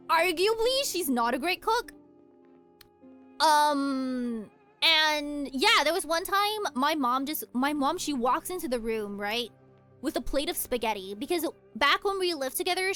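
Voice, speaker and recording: A young woman streaming a game from home, telling rambling stories in a casual, animated way. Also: high voice. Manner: animated rambling storytelling with frequent laughs. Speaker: VTuber streamer. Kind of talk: casual chat while playing a game.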